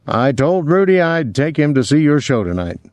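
A man's voice: a little high, very animated, moderate pace, darkish tone, dry recording, voice pushed up. A man reading an audiobook, voicing a restless young man who jokes breezily and talks a lot. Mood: breezy. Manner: breezy, joking, talkative. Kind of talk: audiobook character voice.

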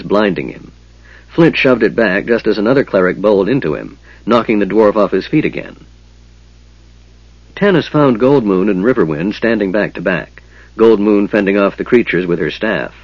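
A man narrating a fantasy audiobook in a steady, measured storytelling manner. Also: fairly low pitch, slightly rough, dry recording, lo-fi sound.

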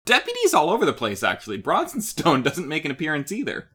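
A man co-hosting a casual podcast recap, his pitch swinging freely up and down as he talks. His tone is bright and forward, and he keeps it animated, slipping into the characters' voices now and then. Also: slightly rough. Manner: animated, acts out characters' lines in quick bursts. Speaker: podcast co-host. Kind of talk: casual chat recapping a cartoon episode.

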